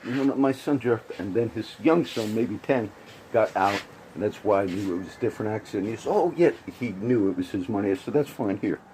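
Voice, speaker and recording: A man's voice: lowish voice, a little fast, darkish tone, slight background noise, low-quality recording. A man giving a casual, rambling spoken commentary with frequent restarts and asides. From grew up around Puerto Rican and Cuban friends.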